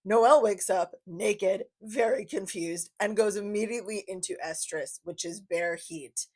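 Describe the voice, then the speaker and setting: A woman's voice: medium pitch, a little slow, a little mellow. A young adult woman giving a casual book review, chatty and enthusiastic, repeating phrases for emphasis.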